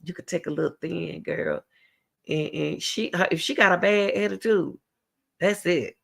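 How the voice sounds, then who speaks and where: A woman's voice: lowish voice, normal speed, creaky, a bit bright. A middle-aged woman hosting a talk show, giving blunt, emphatic advice and repeating her key words. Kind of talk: direct advice talk to a caller.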